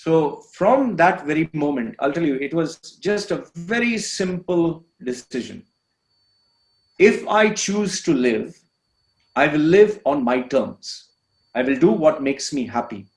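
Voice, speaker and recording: A man's voice: a little high, expressive, unhurried. A man from India, a podcast guest, telling his personal story with earnest, emphatic, repetitive phrasing. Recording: echoey room.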